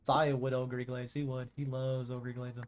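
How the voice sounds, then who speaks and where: A man chatting casually while streaming a game live, rambling excitably and tripping over repeated words as he gets going. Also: medium pitch, measured pace, a little hiss or hum. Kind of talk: casual live gaming commentary.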